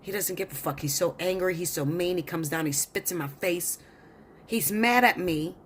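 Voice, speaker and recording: A woman's voice: lowish voice, slight background noise. A woman tarot reader telling a long story in a blunt, profane, insistent way. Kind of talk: storytelling monologue.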